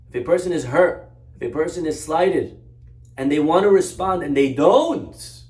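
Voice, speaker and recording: A man's voice: medium pitch, a little mellow. A man, a rabbi, teaching a Torah class through an earnest story. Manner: earnest, story-driven, exhorting. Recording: roomy echo, far from mic.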